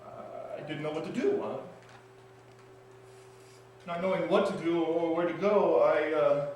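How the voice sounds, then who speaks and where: A man's voice: a little high, darkish tone, slight background noise, natural voice. A man playing Barabbas, haunted ex-prisoner. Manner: intense, halting, heavy pauses between phrases. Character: freed male prisoner, shaken and awestruck. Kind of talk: dramatic stage monologue. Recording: echoey hall, mic at a distance.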